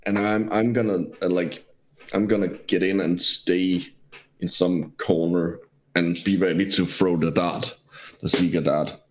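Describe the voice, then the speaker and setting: A man's voice: low-pitched, flat delivery, unhurried, rough recording. A man playing a tabletop game, asking casual questions full of likes. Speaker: player.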